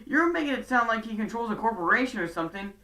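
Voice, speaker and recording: Chatty woman recapping a show, bright. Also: on the high side, expressive, fast, far from the mic. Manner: chatty, sarcastic asides. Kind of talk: casual episode recap.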